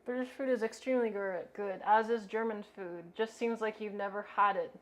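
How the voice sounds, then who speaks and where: A woman's voice: medium pitch, fairly even intonation, fairly quick. A woman chatting casually on a cooking live stream, offhand and talkative, with lots of filler words.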